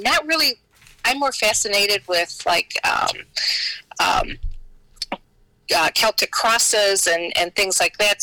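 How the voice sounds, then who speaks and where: A woman's voice: mid-range voice, sharp tone, dry recording, rough recording. An American woman, a podcast guest, telling her stories in a chatty, rambling way full of fillers and restarts. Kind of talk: casual storytelling in an interview.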